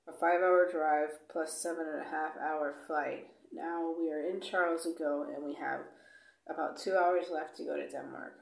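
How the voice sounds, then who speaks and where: Low gravelly woman in an echoey room. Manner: blunt, swears freely, lots of "like" and "you know"; acts out dialogue when retelling. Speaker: vlogger. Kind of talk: casual travel storytelling.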